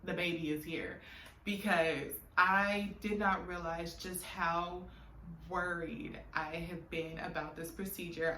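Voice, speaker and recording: A woman's voice: on the low side, a bit bright. Candid woman telling an emotional story. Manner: candid, emotional, laughs often, many fillers. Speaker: vlogger. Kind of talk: personal storytelling vlog. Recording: echoey room with faint background noise.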